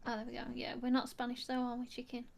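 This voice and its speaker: A woman with a West Midlands accent and a fairly high voice, chatting on a live stream. She sounds bubbly and playful, often teasing her co-host. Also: monotone, fast talker, creaky, darkish tone. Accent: West Midlands English. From West Midlands, England. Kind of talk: casual chat.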